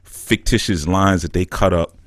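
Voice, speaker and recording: Low-voiced joking New man. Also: fairly even intonation, normal speed, dry recording, studio quality. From New York. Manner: teasing, joking, laid-back slang. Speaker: spiritual counselor and show host. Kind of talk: casual call-in banter.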